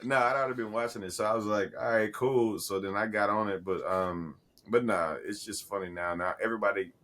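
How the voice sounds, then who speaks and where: A man in his thirties co-hosting a podcast, his voice sitting very low. He talks loosely and with plenty of swearing, circling back and restarting his sentences as he tells a story. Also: quick pace, pushed and bright. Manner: profane, rambling storyteller with many restarts. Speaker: podcast co-host. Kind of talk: casual chat.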